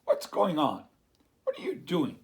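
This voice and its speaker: A man voicing a fussy, excitable male duck in a storybook read-aloud, squawking high and loud. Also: a little slow, full character voice. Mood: flustered.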